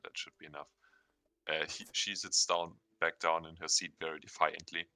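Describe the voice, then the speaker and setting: Low-voiced bright game master man. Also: little pitch movement. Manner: halting, laughs often, restarts lines. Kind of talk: narrating a tabletop game.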